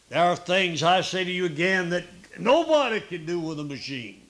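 Male preacher in the pulpit, folksy and repetitive, voice sits a bit high. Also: animated, a bit bright. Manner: folksy, with frequent "uh" pauses and repeated emphasis. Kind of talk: sermon.

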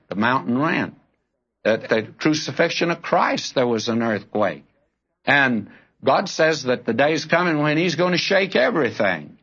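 A man's voice: a little high, a bit bright, slightly rough, muffled recording. A man preaching a sermon in an earnest, direct way, calling his listeners friend and brother.

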